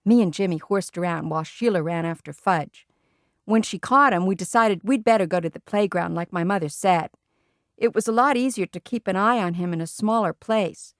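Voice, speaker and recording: A woman reading a children's book aloud in a plain, steady storytelling voice. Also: lowish voice, normal speed, no echo, clean studio sound. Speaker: audiobook reader.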